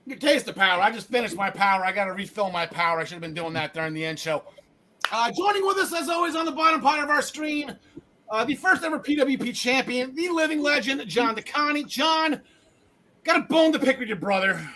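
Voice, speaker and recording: A man's voice: very high voice, lively intonation, brisk, sharp tone, rough recording. A man hosting a wrestling podcast over a video call, joking and rambling, often correcting himself. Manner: jokey, rambling, self-correcting. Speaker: podcast host. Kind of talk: casual wrestling podcast chat.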